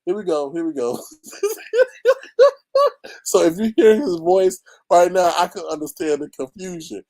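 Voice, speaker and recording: A man hosting a casual gossip commentary, animated and mocking, often jumping into high squeals. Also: measured pace, no room sound. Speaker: YouTube commentary host.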